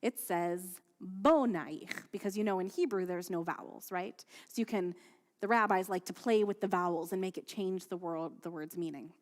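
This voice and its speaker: A woman rabbi leading prayers and giving a sermon, reading at a steady, measured pace and telling stories in a chatty, lively way with fillers. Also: lowish voice. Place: synagogue sanctuary. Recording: long hall reverb from a livestreamed service.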